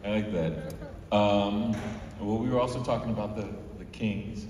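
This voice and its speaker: A man's voice: on the low side, fairly even intonation, normal speed. A man answering fan questions on a convention panel in a casual, joking way. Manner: jokey, laughing often. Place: convention hall, large indoor room. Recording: echoey hall, far mic, noisy.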